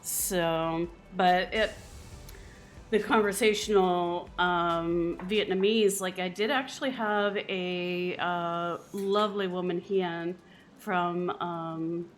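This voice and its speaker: A woman's voice: on the low side, fairly even intonation, slow pace, faint music behind. A Canadian woman streamer in casual chat while she plays a game, chatty and often laughing. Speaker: live streamer.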